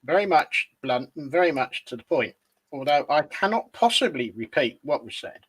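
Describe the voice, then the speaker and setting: A man teasing his co-host with quick quips during casual live-stream chat. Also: on the high side, expressive, a bit bright, breathy edge, poor audio.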